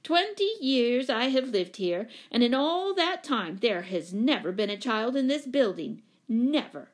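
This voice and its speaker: A woman voicing a stern, indignant elderly neighbor who speaks loudly and slowly with affronted emphasis. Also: medium pitch, lively intonation, natural voice. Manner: loud, slow, affronted emphasis.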